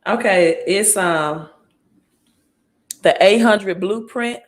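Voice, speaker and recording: A woman's voice: mid-range voice, extremely slow. A woman from Mississippi with a Southern accent, hosting a casual live stream on her phone, reading comments and often asking "right?". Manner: chatty, reads viewer comments aloud, keeps asking "right?".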